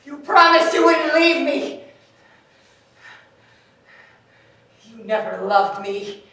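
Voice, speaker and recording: A woman's voice: high-pitched, expressive, measured pace, gravelly, fairly bright tone, heavily acted. A woman playing an abandoned, trapped woman who pleads and then turns to bitter rage on stage. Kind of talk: stage performance. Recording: echoey stage from far off.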